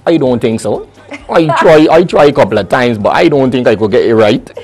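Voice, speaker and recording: A young adult man, a soca artist chatting lively and casually in an interview. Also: mid-range voice, a little fast, soft background music. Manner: lively, chatty, full of restarts and local phrasing.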